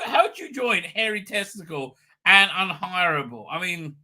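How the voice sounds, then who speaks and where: A middle-aged man hosting a casual livestream, rambling, chatty and quick to laugh as he reads viewer comments. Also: sits high, very animated, sharp tone. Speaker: livestream host. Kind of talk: casual live chat, reading viewer comments.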